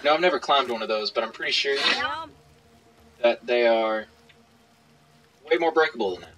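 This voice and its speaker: A man's voice: mid-range voice, moderate pace, a crowd in the background, poor audio. A young man co-hosting a let's play, joking and reacting to the game as he plays. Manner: joking banter, reacts to gameplay. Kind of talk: casual gaming commentary.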